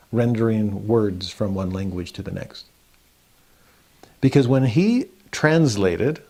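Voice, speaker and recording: A man's voice: fairly low pitch, mellow. A man giving a Bible lesson who eagerly addresses listeners with questions before reading a passage aloud. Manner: enthusiastic, asks the audience questions. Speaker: religious lecturer.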